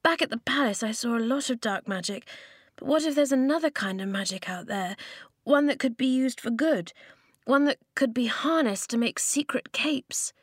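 A woman's voice: a little high, expressive, normal speed, husky, dry recording, studio quality, voice pushed up. A woman voicing an anxious young girl who speaks in an urgent whisper. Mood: earnest.

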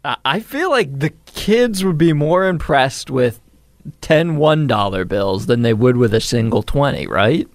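A man's voice: mid-range voice, expressive, unhurried, no room sound. A man working as a radio show producer, chiming in with wry, chuckling remarks. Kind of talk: casual radio banter.

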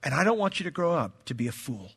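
Pastor mid-sermon, bright voice, lots of pitch movement, emphatic. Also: male voice, fast, gravelly, breathy edge. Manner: animated, emphatic preaching with acted-out quotes.

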